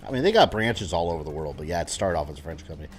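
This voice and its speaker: Over game music, a young gaming streamer with a low, expressive voice talks very fast. He rambles casually through his gameplay commentary, adding chuckling asides.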